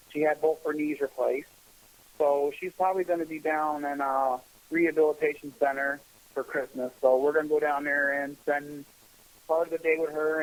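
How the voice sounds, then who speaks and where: A man guesting on a radio talk show, telling family stories in a casual, animated way with laughter. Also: a little high, poor audio. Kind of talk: casual storytelling chat.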